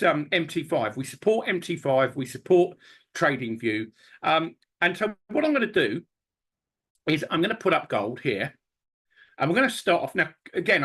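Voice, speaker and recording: A man's voice: fairly high pitch, husky. A middle-aged man hosting a live trading webinar, talking through charts with storytelling asides. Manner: animated, talks through charts while switching screens, with storytelling asides.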